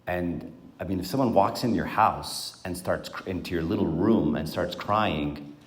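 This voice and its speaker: A man's voice: low voice, unhurried. A man giving an informal Bible talk to a small group around a table, asking them questions in a conversational way. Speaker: Bible teacher. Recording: echoey room.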